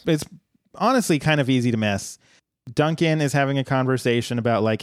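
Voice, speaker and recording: Male podcast co-host, smooth clear voice, dry close recording, playful recap banter. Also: medium pitch, a little fast, no echo. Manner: playful, mock-villain asides. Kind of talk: casual podcast recap chat.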